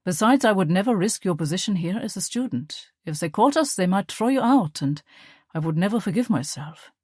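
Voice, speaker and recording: A woman voicing a young German man who is charming on the surface but controlling, speaking smoothly with a sharp edge, recorded dry. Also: mid-range voice, animated, fairly quick, no echo.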